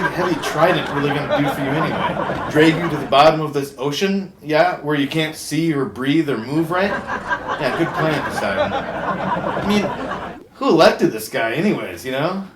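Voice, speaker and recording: A man playing a goofy, punning male shark who hosts a comedic late-night talk show, delivering a deadpan monologue and chuckling at his own jokes. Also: fairly high pitch, close to an everyday voice. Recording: roomy echo with faint background hum.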